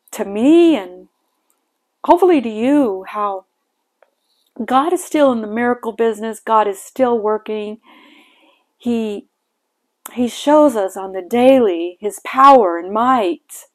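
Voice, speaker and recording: A woman's voice: a little high, darkish tone. An older woman hosting a devotional podcast, sharing a heartfelt personal reflection on scripture with sighs and emotion in her voice.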